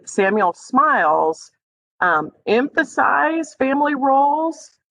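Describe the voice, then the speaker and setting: A woman giving a conversational online music history lecture over a video call, filling pauses with ums and speaking directly to her students. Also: mid-range voice, fairly bright tone, no room sound, rough recording. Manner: conversational, many ums, addresses students as friends.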